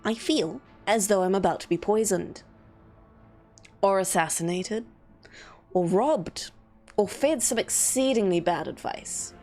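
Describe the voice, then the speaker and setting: A woman's voice: mid-range voice, unhurried, long pauses, soft background music. A woman streaming a game, giving chatty, jokey commentary as she plays. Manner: chatty, animated, jokey reactions. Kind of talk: casual gameplay commentary.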